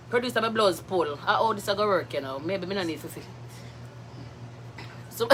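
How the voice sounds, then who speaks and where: A woman with a Jamaican accent hosting a live stream, chatting with viewers in a lively, laughing way and slipping into patois. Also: medium pitch, normal speed, a little hiss or hum. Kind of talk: casual live chat with viewers.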